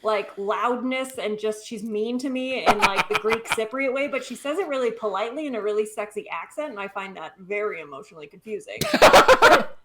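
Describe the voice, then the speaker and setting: A woman guest in a casual interview, speaking fast and bubbly with self-deprecating jokes over a video call. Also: medium pitch, heavy background noise. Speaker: guest, literacy nonprofit leader.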